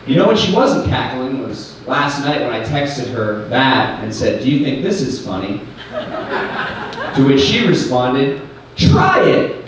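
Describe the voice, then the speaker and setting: A man's voice: mid-range voice, big pitch swings, measured pace. A man doing stand-up crowd work, brash and self-mocking, swearing freely. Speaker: stand-up comedian. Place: small comedy club stage. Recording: echoey club from a distance, audience noise. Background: audience laughter.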